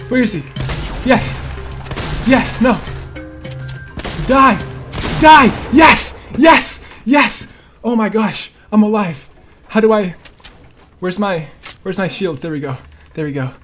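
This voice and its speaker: A man's voice: high voice, measured pace, pauses often, soft background music. A young man giving live, panicky commentary on his own gameplay, yelping and repeating himself. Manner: excitable, panicky, yelps and shouts; repeats phrases, slangy "bro" and "dude". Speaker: gaming streamer.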